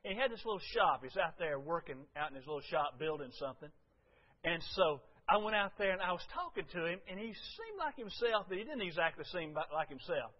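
A man preaching a folksy, storytelling sermon to his congregation, swinging from loud to hushed. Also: sits high, lively intonation, brisk, dull audio. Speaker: pastor.

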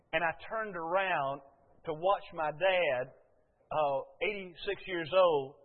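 High-voiced older preacher in a reverberant hall. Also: male voice. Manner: folksy storytelling preacher, many short pauses and uh fillers. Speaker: pastor. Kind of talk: sermon. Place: church sanctuary. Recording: phone-like sound with long hall reverb.

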